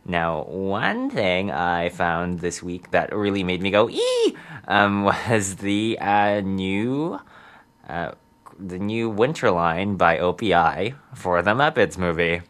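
Man, community radio host, very low pitch, chatty, giggly, rambling. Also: lively intonation, takes it slowly, a bit bright. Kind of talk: casual radio chat.

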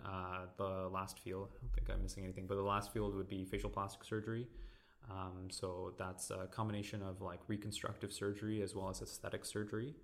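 Deep, flat-voiced young man explaining. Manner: relaxed, filler-heavy explaining. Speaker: ENT surgical resident. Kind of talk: casual explanatory interview talk.

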